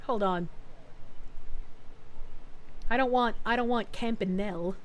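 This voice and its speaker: An American woman streaming casually, reacting excitably, swearing and laughing often. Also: a little high, takes it slowly, slight background noise. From United States.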